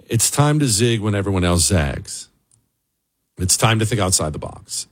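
A man hosting a talk show, ranting in comic mock outrage. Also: normal speed. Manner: animated, exasperated, mock-outraged, swinging pitch. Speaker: radio host. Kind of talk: comic rant on talk radio.

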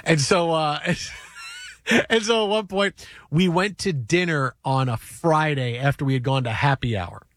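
Excitable sports radio host man. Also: fairly high pitch. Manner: excitable, fast bursts, repeats words. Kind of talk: sports radio talk and storytelling. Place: radio studio.

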